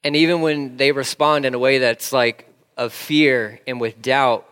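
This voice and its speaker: A man's voice: mid-range voice, fairly even intonation, measured pace, a bit bright, clear, resonant tone. A man preaching a casual, conversational sermon, emphatic and repeating phrases for stress. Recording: long hall reverb.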